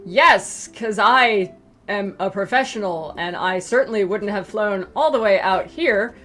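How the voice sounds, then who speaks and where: A woman's voice: measured pace, soft background music. A woman telling a long casual story on a livestream, acting out her friends' lines in shifting voices. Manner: animated, acts out quoted friends in higher and lower voices. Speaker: webcomic creator hosting a Q and A stream.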